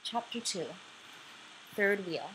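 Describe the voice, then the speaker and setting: A woman's voice: mid-range voice, animated, slow pace, sharp tone, slight background noise, poor audio. A young woman in her twenties reading a homemade audiobook into her laptop in her bedroom late at night, sleepy and casual, breaking off now and then to apologize. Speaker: audiobook reader. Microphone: laptop microphone.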